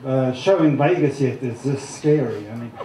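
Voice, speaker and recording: A man performing as a stage hypnotist, teasing volunteers with loud, animated banter in a live comedy show. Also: medium pitch, normal speed, a little hiss or hum. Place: large theatre stage with audience. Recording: echoey theatre with loud crowd.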